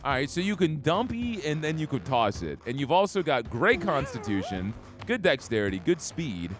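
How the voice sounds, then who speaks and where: Excitable man playing a game aloud. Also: a little high, moderate pace. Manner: excitable, joking, reads game text aloud. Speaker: gaming streamer. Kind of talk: let's-play commentary. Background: game music.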